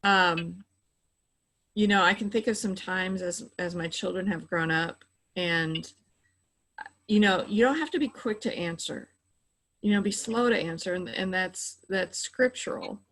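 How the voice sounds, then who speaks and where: A woman's voice: fairly low pitch, a little slow, fairly bright tone, rough recording. A middle-aged woman who works in mental health, patiently explaining coping tips in a conversational interview, with frequent "you know" fillers.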